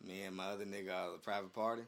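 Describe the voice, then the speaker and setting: A man co-hosting a casual podcast, telling stories with animated quoted voices. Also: low voice, racing. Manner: animated storytelling, acts out quotes. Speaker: podcast co-host. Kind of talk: casual chat.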